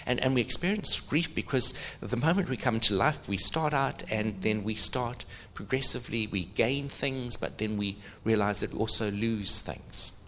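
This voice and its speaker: A middle-aged man preaching a sermon, animated, asking the audience questions. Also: medium pitch, normal speed, hardly any pauses, slight background noise.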